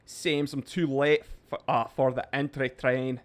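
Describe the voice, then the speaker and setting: A man's voice: medium pitch, little pitch movement, a little slow, natural voice. A man doing a put-on Irish accent to read out a viewer's comment in an exaggerated, sing-song way. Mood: wistful.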